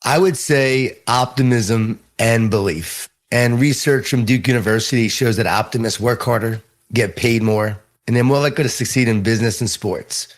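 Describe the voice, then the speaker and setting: A middle-aged man with a Long Island New York accent, a guest author telling earnest, animated stories in an interview. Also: mid-range voice, moderate pace, hardly any pauses. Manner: earnest, animated storytelling with repeated phrases. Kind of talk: storytelling interview answers.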